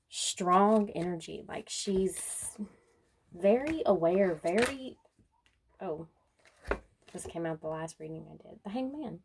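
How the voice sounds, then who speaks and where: A woman giving a casual spoken tarot reading, unhurried and musing, often breaking into soft laughter. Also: lowish voice, a little hiss or hum. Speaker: tarot card reader.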